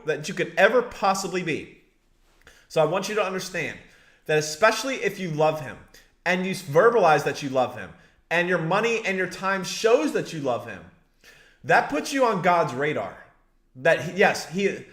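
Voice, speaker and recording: A man's voice: fairly high pitch, a bit bright. A man preaching a conversational sermon, speaking straight to his listeners and repeating phrases for emphasis. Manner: addresses listeners directly, many restarts. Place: live stream broadcast.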